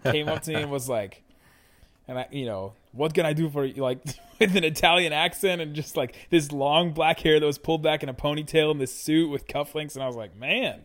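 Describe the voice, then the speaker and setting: A man hosting a casual sports podcast, chatty and laughing often as he tells animated anecdotes. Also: fairly high pitch, fairly quick. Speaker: podcast host. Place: Dallas area.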